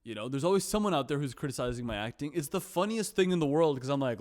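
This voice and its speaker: A man's voice: fairly high pitch, animated, quick pace, hardly any pauses, a little mellow. Self-deprecating man musing casually. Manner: reflective, self-deprecating, repeats himself. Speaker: vlogger. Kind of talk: casual reflective monologue.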